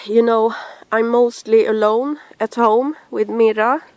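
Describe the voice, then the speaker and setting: A tearful woman speaking haltingly to her podcast listeners from home, sighing and restarting as she talks. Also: on the high side, steady tone, darkish tone. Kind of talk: personal message to camera.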